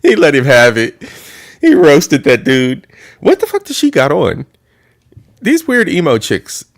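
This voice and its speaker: A man's voice: a little high, huge pitch swings, measured pace. A man casually reacting to a video as a streamer, loose and teasing, laughing often.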